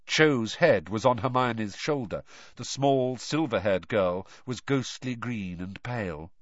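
A man narrating a novel as an expressive audiobook reader. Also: mid-range voice, a little slow, dry recording, muffled recording. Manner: expressive storytelling.

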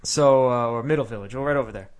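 A man's voice: medium pitch, quick pace. A man telling a long story in casual podcast chat, acting out what he and others said. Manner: animated storyteller acting out his own quotes. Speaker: storyteller guest.

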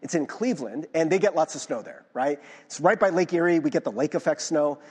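A man's voice: fairly high pitch, a little fast, husky, long reverb tail. A young man preaching a sermon as pastor, chatty and self-mocking, checking in with the listeners often. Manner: animated, chatty, self-mocking, frequent "right?".

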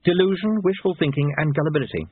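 A man voicing a sharp, unflappable young woman in an audiobook, dry and blunt. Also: fairly high pitch, quick pace, husky, no echo, phone-quality sound, voice pushed up.

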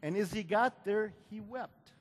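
A male preacher with a high voice delivers a deliberate, unhurried sermon. He repeats key lines and swells into emphatic climaxes. His words ring out with a long reverb, as if in a big hall. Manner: repeats phrases, builds to emphatic climaxes, calls for congregation response.

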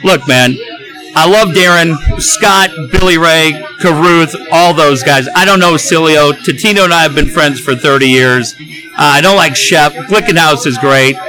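A middle-aged man, a radio host, telling a story in a casual, animated and profane way, acting out the dialogue. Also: a little high, measured pace, rough recording. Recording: music playing behind the voice.

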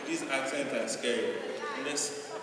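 A man's voice: medium pitch, normal speed. A man doing stand-up comedy with a loose, chatty delivery full of fillers. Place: live comedy venue. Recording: roomy hall, far from the mic, noisy.

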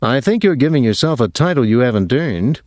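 A male audiobook narrator voicing a calm, reserved man who speaks in a measured, restrained way. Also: mid-range voice, no room sound, clean studio sound, pitched above the performer's own voice, natural voice. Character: calm, reserved businessman brother. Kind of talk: audiobook reading.

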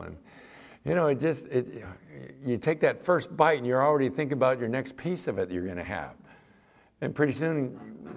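A man's voice: medium pitch, vocal fry. A middle-aged man preaching a sermon, talking in a conversational, folksy way and telling stories from his own life. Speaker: pastor.

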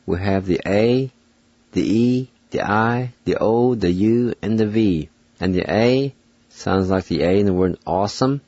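Man, radio lesson host, very slow deliberate delivery, letter-by-letter spelling, dry close sound. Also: lowish voice, a little mellow, dry recording, dull audio. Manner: deliberate, spells out words letter by letter and repeats them. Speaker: radio show host teaching language.

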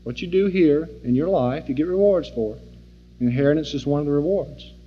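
A man teaching an informal sermon, folksy and animated, acting out the scenes he describes. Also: fairly high pitch, a little fast, husky. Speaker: Bible teacher. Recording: dull lo-fi recording in a reverberant hall.

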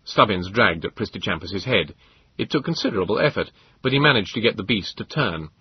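Husky, low-voiced male narrator. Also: expressive, fairly quick, no echo, lo-fi sound. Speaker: audiobook narrator. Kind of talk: scripted first-person narration.

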